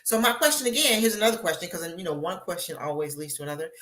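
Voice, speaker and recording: A woman's voice: lowish voice, fast. Chatty woman hosting a live show. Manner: chatty, animated, acts out voices in asides. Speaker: host, beauty consultant. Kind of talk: live casual chat to viewers.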